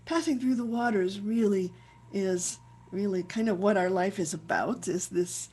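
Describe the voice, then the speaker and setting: A woman's voice: mid-range voice, moderate pace, warm tone, slightly rough. A woman rabbi giving a reflective spiritual teaching on a video call, searching for words and repeating herself as she thinks aloud. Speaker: rabbi leading a chant session.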